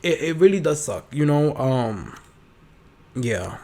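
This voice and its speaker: A 21-year-old man hosting his own podcast, talking in a sassy, profane, animated solo monologue full of fillers. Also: fairly high pitch, slow. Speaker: podcast host.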